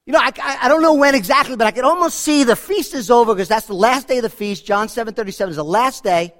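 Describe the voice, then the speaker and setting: A man preaching a sermon, animated, slowing down for quotations and often repeating and restarting his phrases. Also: very high-pitched. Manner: animated, dramatic swings in volume, slows for quotations.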